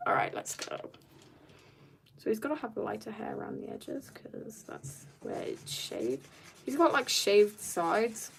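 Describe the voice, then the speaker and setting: A woman's voice: fairly high pitch, expressive, unhurried, creaky, a little hiss or hum. Rambling, jokey woman artist. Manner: rambling and jokey, drifts into soft mutters. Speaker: artist streamer. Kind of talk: casual chat while drawing.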